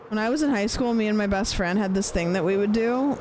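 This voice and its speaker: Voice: mid-range voice, fast, few pauses, noisy background. A streamer chatting casually while gaming, rambling and swearing, playfully repeating phrases with different stress.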